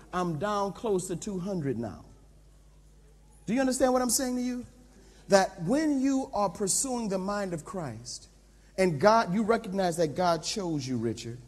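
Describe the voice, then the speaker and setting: A middle-aged man preaching at a camp meeting, animated and self-mocking. His voice sits very high and bounces through a wide range. A long reverb from the big tent trails each phrase. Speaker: pastor. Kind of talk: preaching a sermon with personal storytelling. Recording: long reverb in a large tent, mini disc recording.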